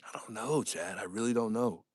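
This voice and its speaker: A young man hosting a casual livestream, upbeat and animated as he reads viewer comments and thanks his audience. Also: on the low side, moderate pace, slightly rough, no echo. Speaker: livestream host.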